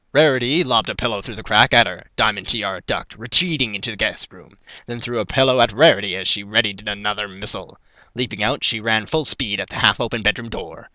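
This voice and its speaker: A man reading a fan story aloud at an even storytelling pace, stumbling now and then over a word. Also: mid-range voice, no room sound. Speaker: fan fiction reader. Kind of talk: storytelling narration.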